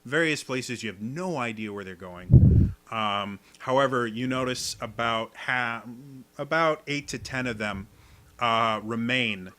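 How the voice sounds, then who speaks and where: Bright-voiced male game master. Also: medium pitch, a little slow. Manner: descriptive, many fillers. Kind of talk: narrating a tabletop game.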